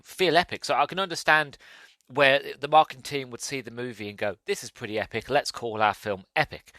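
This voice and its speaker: A man's voice: mid-range voice, bright, forceful tone, dry recording. A man hosting a podcast, rambling through a casual solo movie review with frequent self-corrections. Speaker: podcast host.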